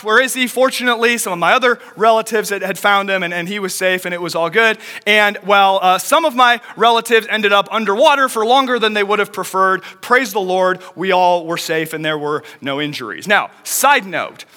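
A man in young adulthood preaching a sermon as a pastor, telling a story quickly and with animation. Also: sits high, bright, forceful tone, big-room sound.

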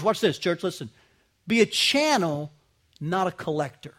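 Emphatic high-voiced male pastor preaching. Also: sing-song, normal speed. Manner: emphatic preaching, rising to loud peaks and dropping low; asks the congregation rhetorical questions. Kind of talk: sermon.

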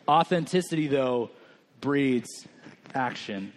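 A man's voice: fairly high pitch, normal speed, a little hiss or hum. Candid man preaching a conversational sermon. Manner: candid, conversational, self-deprecating. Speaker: senior pastor. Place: church.

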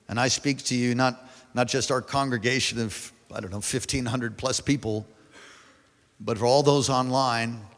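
A male pastor preaching a sermon to a large congregation, building to loud emphatic peaks and calling for responses. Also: medium pitch. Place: large church hall. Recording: long hall reverb.

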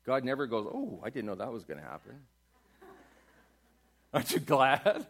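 A man preaching a sermon in a church, asking his congregation questions and building to loud climaxes. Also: medium pitch, sing-song, moderate pace. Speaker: pastor. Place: church sanctuary.

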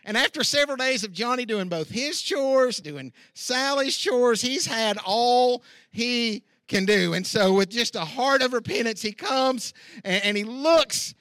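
A middle-aged man preaching a sermon outdoors, telling a folksy story with lively asides. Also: very high voice, measured pace, dry recording, studio quality. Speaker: pastor. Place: outdoor church service.

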